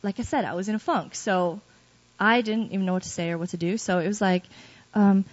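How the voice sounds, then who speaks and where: A woman with a mid-range voice, speaking a little fast, gives her personal testimony as a guest speaker to a church group. She tells her story candidly and pokes fun at herself with laughs, in a dull lo-fi recording.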